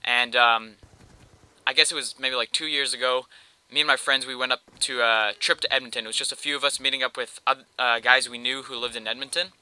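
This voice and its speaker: Bright, slangy young Canadian guy telling a story. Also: medium pitch, steady tone, brisk, smooth, no echo, poor audio. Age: young adult. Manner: rambling, slangy, with lots of "like". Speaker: gameplay commentator. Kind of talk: casual storytelling over gameplay.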